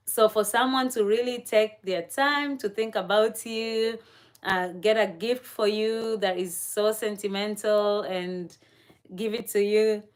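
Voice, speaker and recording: A woman hosting a casual livestream chat, talking straight to her viewers, laughing often and filling pauses with "uh" and "um". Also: mid-range voice, fairly even intonation. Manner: chatty, laughs often, many fillers; talks to chat viewers directly. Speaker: livestream host.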